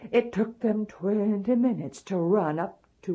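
A woman's voice: medium pitch, measured pace, few pauses, dark tone, breathy edge. A woman storyteller telling a folk tale in a dramatic, folksy way, dropping to whispers.

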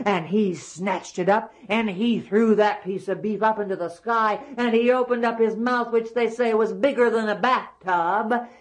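A woman telling a folktale aloud, animated, with hushed, drawn-out endings. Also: medium pitch. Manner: animated, dropping to hushed asides. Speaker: storyteller. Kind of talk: folktale storytelling.

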